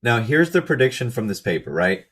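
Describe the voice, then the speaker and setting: A man with a hoarse, fading voice walks methodically through slides of a research paper, reading out lists and figures with brief asides. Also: medium pitch, big pitch swings, fairly quick, a bit bright. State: hoarse, losing his voice. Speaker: channel host explaining research.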